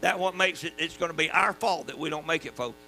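Southern male preacher, high piercing voice, folksy emphatic sermon, hum under it. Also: quick pace, low-quality recording. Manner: folksy, emphatic preaching with sudden drops to quiet. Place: church.

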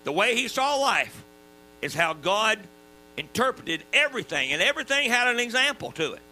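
A man with a Southern US accent preaching a sermon in a folksy, emphatic way, dropping suddenly to quiet. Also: high-pitched, big pitch swings, normal speed, rough recording. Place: church. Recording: mains hum underneath.

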